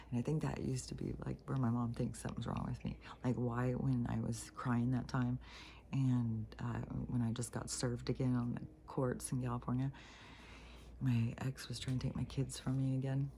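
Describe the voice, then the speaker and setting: Gravelly, profane woman ranting at home. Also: extremely low pitch, flat delivery, normal speed, dark tone, a little hiss or hum. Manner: blunt and heavily profane; often drops to a near-whisper. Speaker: vlogger. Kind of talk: casual rambling rant to camera. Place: at home by a wood fire.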